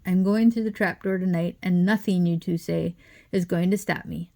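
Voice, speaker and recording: A woman reading as a determined young schoolboy who speaks urgently and forcefully. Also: lowish voice, fairly even intonation, normal speed, vocal fry. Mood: defiant.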